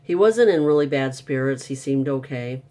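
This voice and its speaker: A man's voice: medium pitch, expressive, moderate pace, dark tone. A man telling a frustrating story in a casual, upset monologue, venting and exasperated. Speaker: vlogger.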